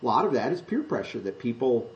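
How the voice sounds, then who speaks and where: A pastor teaching a Bible sermon in a loose, conversational way, correcting himself and joking with the congregation. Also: male voice, medium pitch, sing-song, brisk, lo-fi sound. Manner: conversational, self-correcting, jokes with the room.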